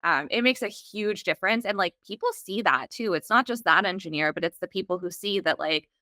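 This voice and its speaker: Bright-voiced woman interviewer. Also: medium pitch, animated, brisk, no echo, clean studio sound. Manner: conversational, laughs easily. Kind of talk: casual interview chat.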